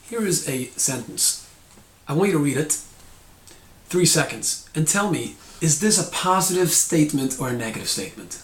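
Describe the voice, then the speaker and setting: A man's voice: medium pitch, reverberant. A man teaching a short Torah lesson, explaining and acting out tones of voice.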